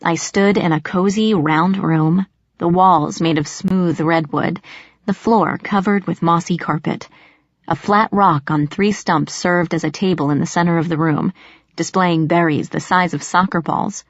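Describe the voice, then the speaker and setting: A woman reading a first-person story aloud as an audiobook narrator, in a steady, measured way. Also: on the low side, dry recording. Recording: slightly muffled dry recording.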